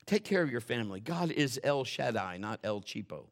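A male pastor preaching a sermon in a folksy, joking way, dropping to quiet asides and building to loud, fervent stretches. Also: mid-range voice, sing-song, moderate pace. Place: church.

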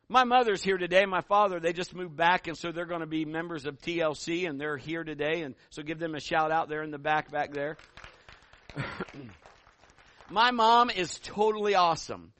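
A middle-aged man preaching a sermon as pastor, telling stories in an animated way and building to loud calls. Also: on the high side, moderate pace, dry recording.

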